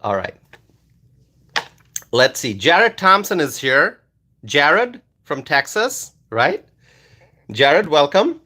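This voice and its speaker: A man from Bangladesh, hosting a casual livestream and reading viewer comments aloud, animated and loud at times. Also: on the high side, slow pace, long pauses. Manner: animated, loud at times, with many fillers and repeated words. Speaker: livestream host reading chat.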